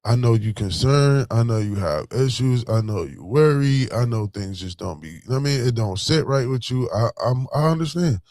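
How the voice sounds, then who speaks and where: A Buffalo, New York vlogger with a local Buffalo accent gives a casual, slangy motivational talk, peppered with "you know what I'm saying." His mid-range voice is expressive and a little mellow, moving at a normal speed with few pauses. The studio-quality recording is dry, with no room sound.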